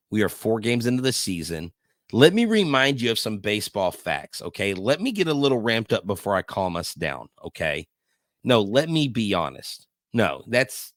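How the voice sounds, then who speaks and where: A man, co-hosting a sports podcast and lecturing listeners in an animated, fired-up rant. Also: mid-range voice, no room sound, clean studio sound. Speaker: podcast co-host.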